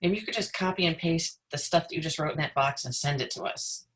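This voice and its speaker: A woman's voice: low-pitched, quick pace, fairly bright tone. A woman student chatting in an online class, friendly and talkative, repeating herself as she goes.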